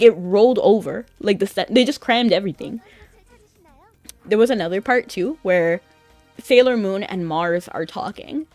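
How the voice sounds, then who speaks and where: A woman's voice: medium pitch, darkish tone, no room sound. Young woman, casual gaming stream chat, rambling and chatty, dry close sound, faint music behind. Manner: chatty and rambling, with frequent filler "like". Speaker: VTuber streamer.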